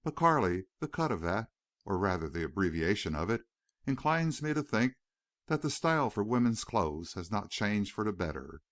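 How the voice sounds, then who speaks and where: A man reading a gentle, wistful young veteran. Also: lowish voice, sing-song, normal speed, no echo, studio quality.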